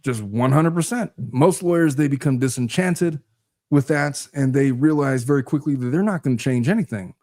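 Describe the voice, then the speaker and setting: Blunt, wry man with a mellow voice. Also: medium pitch, moderate pace, no echo, studio quality. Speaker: lawyer guest. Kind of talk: casual chat.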